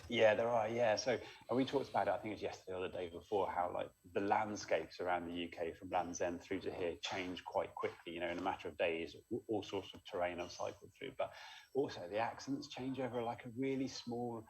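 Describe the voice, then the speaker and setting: Low voiced guy rattling on quick n chatty, phone call interview. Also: fairly even intonation, a little hiss or hum. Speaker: long-distance cyclist. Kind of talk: casual remote interview.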